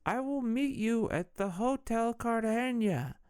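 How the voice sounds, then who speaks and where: A man putting on a high, squeaky voice for a flustered adventurer hero. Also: animated, measured pace, a little mellow, clear, resonant tone, dry recording, clean studio sound.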